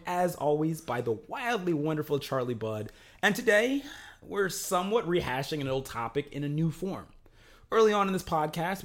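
A young man hosting a podcast, playful and jokey, moving between casual chat and a scripted intro. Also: fairly high pitch. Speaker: podcast host.

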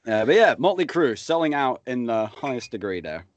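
A man's voice: medium pitch, big pitch swings, fairly quick, lo-fi sound. A man hosting a casual podcast chat and delivering news, blunt and wry, with plenty of swearing. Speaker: podcast host presenting the news.

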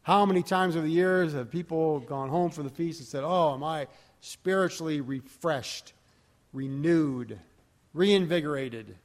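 Casting: man preaching, fairly high voice, long hall reverb, reads verses with lift. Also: measured pace. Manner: reads scripture aloud with rising emphasis, digresses and corrects himself. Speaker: pastor. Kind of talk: sermon.

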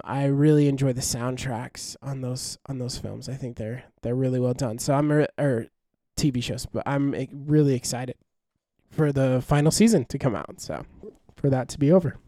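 Warm and mid-range, this young man's voice comes through clean studio sound with no room sound. He's co-hosting a podcast, chatting eagerly and loosely, full of fillers and false starts.

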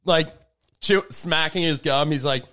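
An unhurried man with a slightly high voice co-hosts a laid-back podcast, captured by a desk mic in his home setup. His stories drift along, brightening into animated mimicry whenever he quotes someone.

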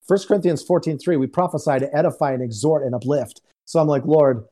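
A man's voice: a little high, fast talker, warm tone. A man speaking as a guest minister, telling a personal testimony in a conversational way and acting out the dialogue in quotes over a remote call. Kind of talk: storytelling testimony.

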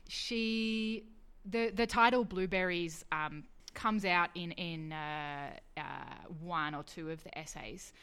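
A woman on a book chat show, talking through a book with many pauses and restarts. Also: fairly low pitch, a bit bright, clean tone. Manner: hesitant, many ums and restarts. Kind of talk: casual radio chat.

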